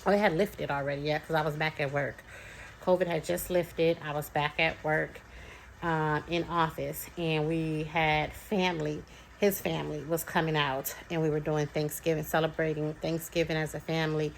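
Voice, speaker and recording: A woman's voice: low voice, flat delivery, moderate pace, gravelly, slight background noise, poor audio. A young woman talking as a parent, telling her story in a chatty, casual way, with many fillers and restarts. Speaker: parent sharing experience.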